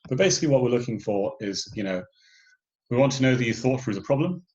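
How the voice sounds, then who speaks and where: A man's voice: mid-range voice, lively intonation, fast talker, a little mellow, muffled recording. A man organizing a hackathon, explaining the submission and judging rules in a loose online workshop briefing, full of fillers and restarts.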